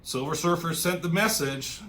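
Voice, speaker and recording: A man casually recapping a comic book, swearing freely and popping into quick voices for the characters. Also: fairly high pitch, pushed and bright, a little hiss or hum. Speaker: comic reviewer.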